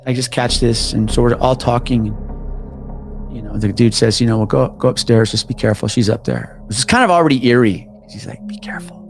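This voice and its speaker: A man telling a true story on a podcast in casual talk, acting out the people in it and dropping into hushed tones. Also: medium pitch, a little fast, faint music behind. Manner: animated, acts out quoted people, drops to hushed tones.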